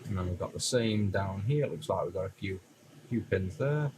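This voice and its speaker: A man's voice: deep voice, moderate pace, noisy background. A man with a Stoke-on-Trent accent, chatting casually with his stream audience while he solders. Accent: Stoke-on-Trent (Potteries). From Stoke-on-Trent, England. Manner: relaxed and rambling, answering chat as he works. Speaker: streamer repairing retro consoles.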